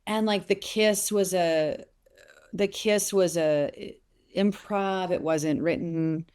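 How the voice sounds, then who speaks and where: Woman in her forties, actress interviewee, lowish voice, chatty, self-interrupting, animated. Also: slow pace, clear, resonant tone. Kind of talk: casual interview talk.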